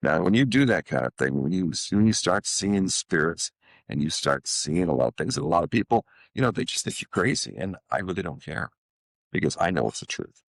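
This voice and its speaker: A man's voice: low-pitched, sing-song, a little fast, creaky, no echo. A man in his seventies, a guest in an interview, telling stories in a rambling, casual way with many restarts and quoted dialogue. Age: 70s. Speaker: guest, author and motivational speaker.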